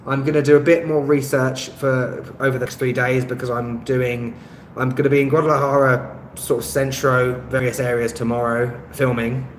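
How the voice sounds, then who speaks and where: A man from West London with a West London accent, hosting a live stream and reading out viewer comments in a relaxed way with lots of ums. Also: medium pitch, normal speed. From West London, England. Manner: relaxed, many ums, chuckles at himself. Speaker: YouTube travel channel host. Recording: echoey room, faint traffic noise.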